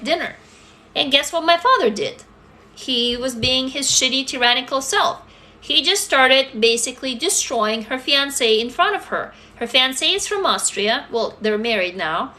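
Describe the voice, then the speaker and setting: A woman's voice: high-pitched, pushed and bright. A woman, talking bluntly and emphatically to viewers on a livestream, swearing freely. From Russia. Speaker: livestream host answering viewers. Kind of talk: casual livestream chat.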